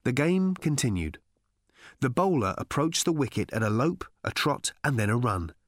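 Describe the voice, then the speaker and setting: Deadpan male audiobook narrator. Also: mid-range voice, no room sound, clean studio sound. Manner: measured, deadpan storytelling.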